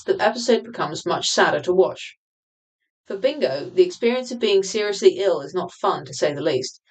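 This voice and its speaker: A woman reads aloud from her own nonfiction book for a livestream audience. Her voice sits on the low side, and she keeps a steady, explanatory pace, now and then backing up to restart a word. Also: poor audio. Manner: measured, explanatory reading with occasional restarts.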